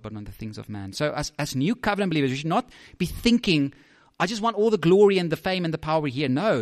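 A man preaching a sermon in a slightly high voice. He talks in an animated way, repeating words as he builds his points and often checking in with "right?".

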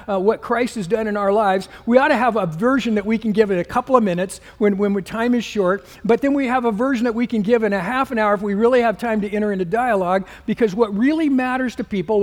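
A man's voice: sits high, big-room sound. A man pastor preaching a sermon, earnest and emphatic, often restarting his sentences.

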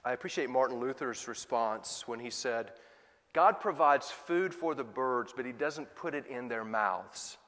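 A male pastor preaching a sermon, moving from loud emphatic questions to soft, quiet asides. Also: medium pitch, lively intonation, unhurried, long reverb tail.

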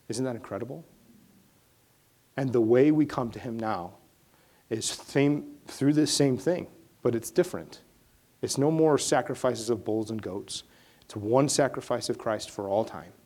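A male pastor giving a sermon, moving between hushed, prayerful passages and rising, emphatic preaching. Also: mid-range voice, normal speed.

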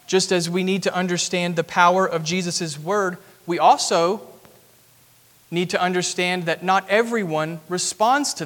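A man with a notably high voice preaches earnestly, explaining a passage step by step and swelling with emphasis at key points. His words ring out with a long reverb, as if filling a large sanctuary. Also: a bit bright. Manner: earnest expository preaching, rising emphatic at climaxes. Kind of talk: sermon.

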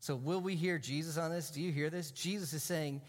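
A male pastor preaches a sermon in church with emphasis, drawing out key phrases and sometimes dropping to a hushed, near-whispered voice to stress a point. His voice is a little high with fairly even intonation, brisk and with hardly any pauses.

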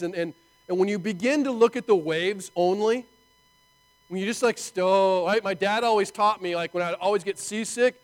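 A man preaching a sermon in an animated, conversational way, full of rhetorical asides to his listeners. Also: high-pitched, moderate pace, low-quality recording. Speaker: pastor.

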